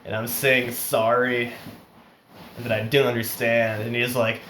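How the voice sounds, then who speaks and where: A man's voice: medium pitch, flat delivery, a little slow, background noise. A man telling a story in a casual, rambling way. He chuckles often and restarts his sentences, and his nose is running. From United States. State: runny nose. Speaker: vlogger. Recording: roomy echo.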